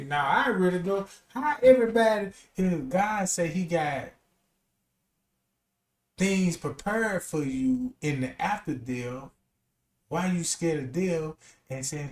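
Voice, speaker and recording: Animated high-voiced streamer man, echoey room. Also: takes it slowly. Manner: animated, slangy, rambling. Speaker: streamer reacting to a text. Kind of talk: casual commentary.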